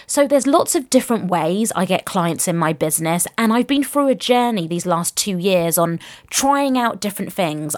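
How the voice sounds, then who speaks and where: A woman's voice: medium pitch, animated, moderate pace, dry recording. Young woman podcasting solo, chatty and upbeat, laughs a lot, dry close mic. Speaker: podcast host and business coach. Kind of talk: casual solo podcast monologue.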